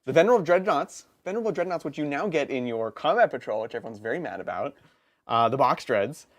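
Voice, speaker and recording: A man in casual live-stream chat, talking through game rules with easy asides and quick laughs. His pitch sits mid-range but swings freely up and down as he goes. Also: animated. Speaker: co-host of a tabletop gaming stream.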